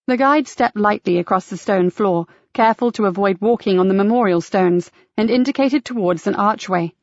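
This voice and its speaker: A woman's voice: mid-range voice, dry recording, highs cut off. Woman reading a mystery audiobook, dry. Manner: measured, even storytelling. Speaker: audiobook narrator. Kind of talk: scripted audiobook narration.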